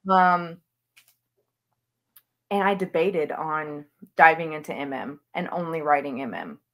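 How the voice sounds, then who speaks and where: A woman's voice: deep voice, expressive, measured pace, fairly bright tone. A woman author chatting as an interview guest, talking with gushing enthusiasm about books she loves. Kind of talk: casual interview chat.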